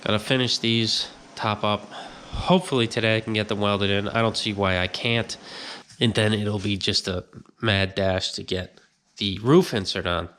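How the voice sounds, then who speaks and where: Homem falante, com o nariz entupido. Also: male voice, fairly low pitch, steady tone, moderate pace, a bit bright, slight background noise. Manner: chatty storytelling, acts out his own reactions. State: stuffed-up nose. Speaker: garage host. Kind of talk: casual workshop vlog.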